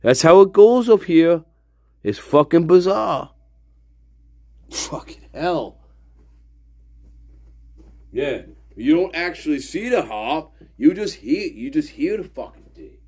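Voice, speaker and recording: A man's voice: on the high side, sing-song, takes it slowly, pauses often, mellow, breathy edge, no echo, full character voice. A man playing a cursing, fed-up spirit guide. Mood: rambling. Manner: foul-mouthed stammering rant. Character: exasperated profane male spirit guide in the afterlife. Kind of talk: improvised comic monologue.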